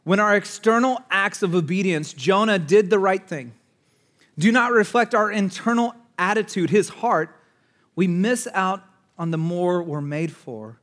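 A man preaching a sermon to a congregation in an energetic, conversational way, swinging between loud outbursts and hushed asides. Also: sits high, a little slow. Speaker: pastor. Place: church in front of a congregation.

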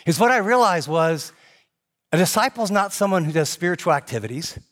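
Middle-aged guy pastor preaching, talks super fast, lively storytelling, kinda high voice. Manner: fast-talking, animated storyteller. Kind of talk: sermon.

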